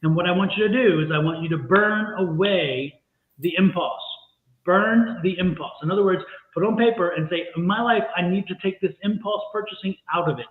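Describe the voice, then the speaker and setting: A man's voice: sits high, brisk. A man giving tarot readings on a live stream, stressing points by repeating phrases. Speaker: tarot reader. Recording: echoey phone-like live-stream audio.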